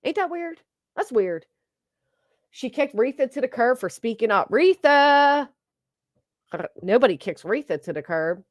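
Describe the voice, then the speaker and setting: A woman's voice: a little high, animated, measured pace, pauses often, dry recording, clean studio sound. A woman streamer giving blunt, sarcastic, profane gossip commentary while reading her chat, on a desk microphone. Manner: blunt, sarcastic, heavy cursing. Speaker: livestream commentator. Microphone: streaming desk mic.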